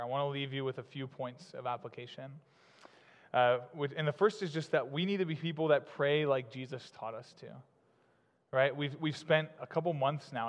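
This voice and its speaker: A man preaching a sermon as pastor, in a conversational way with fillers and quick laughs. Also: medium pitch. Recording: long hall reverb.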